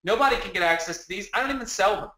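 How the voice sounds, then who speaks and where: A man presenting a live sales webinar from his home, energetic and repetitive, rallying the audience with questions. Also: sits high, racing, roomy sound, poor audio. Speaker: webinar presenter selling a product. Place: home office.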